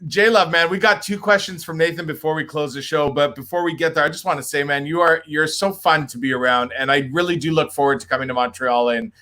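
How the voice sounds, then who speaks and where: High, bright-voiced male host. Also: fairly even intonation, a little fast, few pauses. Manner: playful, upbeat banter. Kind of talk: casual interview chat.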